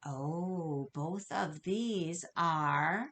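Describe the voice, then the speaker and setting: A woman's voice: low voice, drawn-out words, a bit bright, a little hiss or hum. A woman teaching a phonics lesson to young children, speaking patiently and encouragingly, stretching out sounds. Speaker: kindergarten teacher. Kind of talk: recorded remote phonics lesson.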